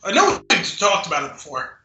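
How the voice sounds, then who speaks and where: Man, podcast co-host, high voice, very bright tone, dry rambling storyteller. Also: huge pitch swings, fairly quick. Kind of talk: casual chat. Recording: roomy echo.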